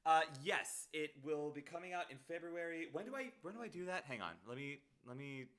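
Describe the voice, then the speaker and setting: Soft-spoken rambling male streamer. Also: on the high side, lively intonation, a little fast. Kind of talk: casual late-night stream chat. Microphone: headset mic.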